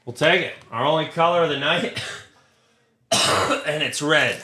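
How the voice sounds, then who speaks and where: A man's voice: medium pitch, normal speed, sharp tone. A man hosting a live card break, reading out pulls with crude, joking banter. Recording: roomy with faint noise.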